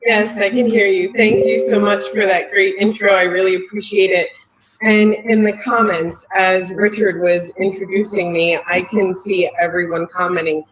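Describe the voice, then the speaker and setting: Woman on a video call, all emotional and grateful, mid pitch, faint noise behind. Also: steady tone, normal speed, reverberant. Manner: heartfelt, emotional, near tears. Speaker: company marketing executive presenting.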